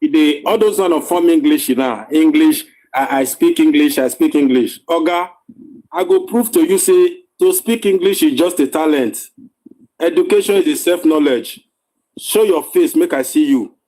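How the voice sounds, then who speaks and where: Nigerian man, slightly high and mellow voice, halting talker who hunts for words with lots of "uh"s. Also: lively intonation. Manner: halting, many "uh" fillers while searching for words. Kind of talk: casual discussion.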